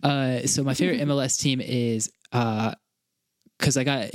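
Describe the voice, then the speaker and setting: A young man from North Carolina rambles through a casual podcast chat, excitable and full of restarts and fillers. His pitch sits in a middling range. The sound is dry and close, with no room around it. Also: normal speed, no echo. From North Carolina, USA. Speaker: podcast co-host.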